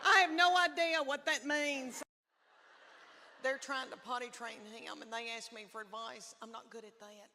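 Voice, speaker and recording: A middle-aged woman with a drawl tells homey, self-deprecating stories from a big stage, her voice sitting a touch high. The room gives a long, live reverb with a faint hum of ambience behind her. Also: steady tone, moderate pace, sharp tone. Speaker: stand-up comedian. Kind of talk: stand-up comedy set. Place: large theater stage with audience.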